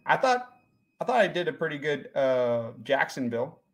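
A man's voice: a little high, very animated. A man co-hosting an irreverent political podcast, chatting casually and riffing with jokes. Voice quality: joking, quick to riff. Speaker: podcast co-host.

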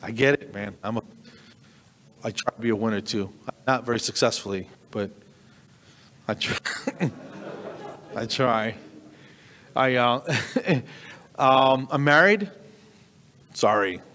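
A man in his fifties doing a stand-up comedy set, deadpan and self-deprecating, with halting starts and restarts. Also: medium pitch, big-room sound. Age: 50s.

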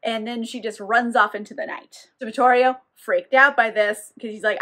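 Woman, slightly high voice, casual book recap, irreverent, swears a lot, acts out quotes. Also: steady tone, moderate pace, fairly bright tone. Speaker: book reviewer.

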